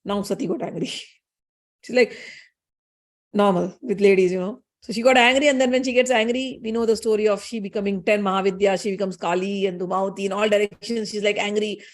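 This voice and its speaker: A woman retelling a sacred legend in a chatty, animated way. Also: medium pitch, a little fast. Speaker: storyteller. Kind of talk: casual scripture storytelling.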